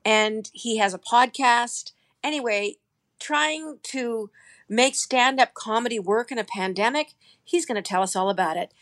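A woman's voice: fairly high pitch, unhurried, fairly bright tone. Upbeat woman introducing a show. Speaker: host.

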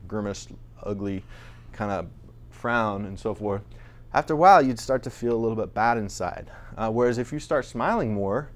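A man presenting a casual talk to a small audience, speaking in a chatty, conversational way with frequent restarts. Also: medium pitch. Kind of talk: casual lecture on voice recording.

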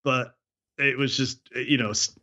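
Bright-voiced man telling a story. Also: medium pitch, unhurried, dull audio. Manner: animated storyteller, slangy. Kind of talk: casual chat.

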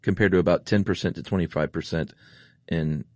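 A man's voice: low voice, steady tone, fairly quick, no room sound, clean studio sound. A man co-hosting a podcast in casual chat, joking and telling rambling personal stories. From Atlanta area, US. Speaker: podcast co-host.

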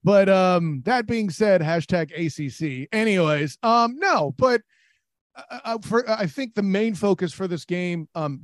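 High-voiced man in dry sports chat. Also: dry recording. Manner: rambling, repeats words, laughs easily. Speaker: sports podcast host.

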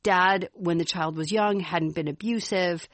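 Lower-voiced woman with a Chicago accent. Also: measured pace, no room sound. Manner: steady, explanatory storyteller. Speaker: podcast co-host. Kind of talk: casual parenting chat.

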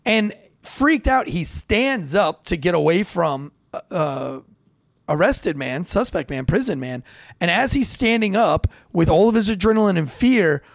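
A man's voice: high voice, measured pace, vocal fry, no room sound. A young man, a police officer, casually telling a story from a call and acting out the voices of the people in it. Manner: animated, acts out quoted voices.

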